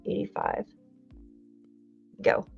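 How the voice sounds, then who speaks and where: A woman's voice: very slow, no room sound, dull audio, soft background music. A woman hosting a true crime livestream, talking emotionally and thanking viewers as she rambles. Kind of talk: casual livestream commentary.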